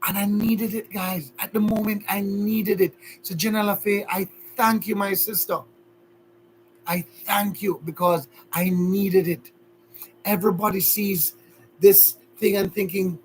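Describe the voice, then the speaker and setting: Jamaican male vlogger, young, slightly high voice, sincere and rambling, faint noise behind. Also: steady tone, unhurried. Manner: earnest, rambling, emotional. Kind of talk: casual heartfelt talk to viewers.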